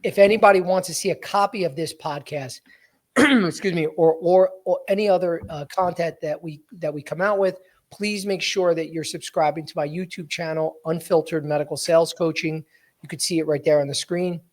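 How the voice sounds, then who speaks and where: A man's voice: a little high, normal speed. A man hosting a podcast as a sales coach, talking bluntly to his listeners and calling them guys. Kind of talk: energetic coaching talk.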